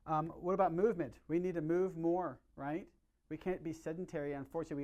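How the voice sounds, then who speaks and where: A middle-aged man speaks with a voice pitched a little higher than most men's. He gives a lively, chatty health workshop to a room of patients, often checking in with quick questions to them. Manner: energetic, conversational, asks the audience questions. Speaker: chiropractor giving a health talk. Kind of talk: live workshop talk to patients.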